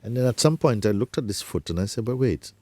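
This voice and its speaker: A man acting as a spiritual teacher, talking gently and unhurriedly in an informal talk, often adding tag questions like "you see". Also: lowish voice, lively intonation, quick pace, no room sound.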